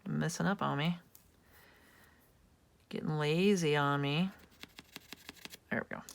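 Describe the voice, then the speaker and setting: A woman's voice: deep voice, slow pace, gravelly, a little hiss or hum. A woman hosting a casual craft tutorial, chatting and thinking aloud as she works at home. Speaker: craft channel host.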